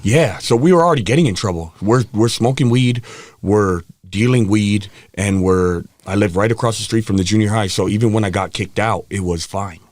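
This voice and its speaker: A man's voice: lowish voice, normal speed, a little mellow, no echo, studio quality. A man, a podcast guest, telling his personal story in a frank, rambling way with frequent restarts.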